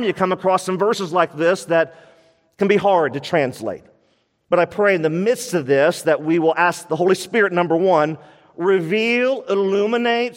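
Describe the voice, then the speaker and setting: A man preaching a sermon as pastor of a church, emphatic and repeating his key points. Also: high voice. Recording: long reverb of a church hall.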